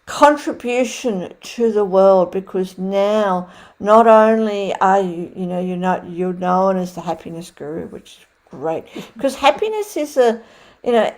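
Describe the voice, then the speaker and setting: Effusive woman host with a warm, mellow tone. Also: medium pitch, vocal fry. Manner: effusive, rambling, with many restarts. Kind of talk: interview hosting.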